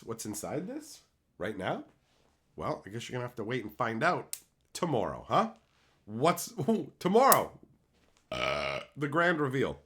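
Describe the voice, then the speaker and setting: A man in his thirties from Canada, chatting casually on his livestream, swearing freely and laughing often. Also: fairly bright tone. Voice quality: swears a lot, laughs often, jumps into high squeaky voices for quotes. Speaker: streamer.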